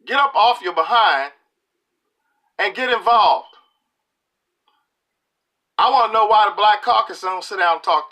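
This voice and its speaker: Fiery, bright-voiced man preaching. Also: high voice. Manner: preachy and emphatic, colloquial, repeats lines for punch. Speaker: political video commentator. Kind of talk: impassioned political monologue.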